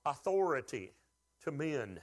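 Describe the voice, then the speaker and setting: A man's voice: medium pitch, sing-song, measured pace. A man preaching a sermon, with folksy humor and call-and-response questions to the congregation. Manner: folksy humor, acts out quoted voices. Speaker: pastor.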